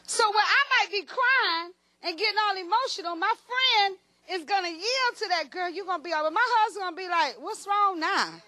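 Woman preacher, high-pitched and sharp, animated and direct with her congregation. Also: brisk, few pauses. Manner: lively storytelling, addressing the congregation directly. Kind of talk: sermon.

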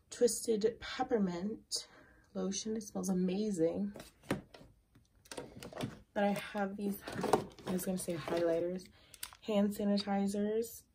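A woman's voice: medium pitch, vocal fry, noisy background. A young woman casually touring her makeup collection, rambling with lots of fillers. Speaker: beauty vlogger.

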